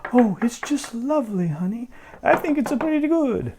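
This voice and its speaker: A man voicing a fussy, scolding goddess wife in a puppet opera retelling, in a high sing-song falsetto. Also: big pitch swings, normal speed, noisy background, full character voice. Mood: sweet.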